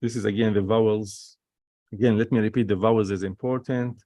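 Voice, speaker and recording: A man's voice: on the low side, fairly even intonation, brisk, dark tone, no room sound, muffled recording. A man teaching an online Hebrew reading lesson, patiently sounding words out syllable by syllable and repeating key points.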